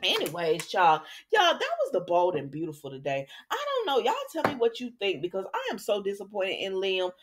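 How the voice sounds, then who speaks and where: A woman recapping a soap opera episode for her viewers in a casual, animated and exasperated way, talking straight to them. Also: medium pitch, fairly quick, hardly any pauses, noisy background.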